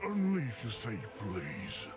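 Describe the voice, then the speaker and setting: An actor voicing an anxious, fussy game program with an odd foreign-sounding accent, talking in a fretful, pleading way. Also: male voice, on the low side, wildly swooping pitch, a little slow. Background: game music.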